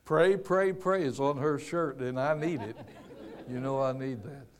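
Un predicador mayor que cuenta historias bíblicas en un sermón, con tono campechano y enfático, repitiendo palabras y haciendo comentarios al margen. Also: male voice, mid-range voice, a little slow, some chatter behind. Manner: folksy and emphatic, with restarts and asides. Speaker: preacher. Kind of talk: storytelling sermon.

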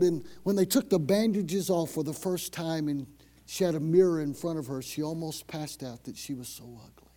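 A man preaching a sermon as pastor, telling a story and leading prayer, going from loud, urgent passages to hushed whispers. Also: a little high, normal speed. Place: church.

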